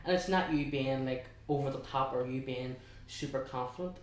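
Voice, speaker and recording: A man's voice: medium pitch, a little hiss or hum. Chatty young Belfast man, echoey and distant. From West Belfast, Northern Ireland. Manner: chatty, halting, many restarts and quoted asides. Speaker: guest. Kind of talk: casual storytelling interview. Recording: echoey room, heard from a distance.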